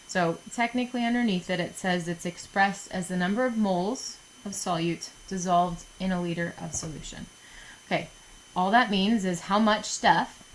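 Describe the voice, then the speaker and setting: A woman's voice: medium pitch, a bit bright, slight background noise, poor audio. A woman chemistry teacher recording a lesson for her students, chatty and jokey, often checking in with "okay?".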